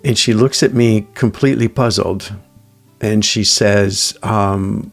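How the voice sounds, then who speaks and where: A man giving a reflective self-help talk, telling everyday stories in a thoughtful, halting way. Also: fairly low pitch, steady tone, gravelly, soft background music. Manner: thoughtful, halting, with restarts and quoted inner voice. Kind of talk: reflective solo talk with anecdotes.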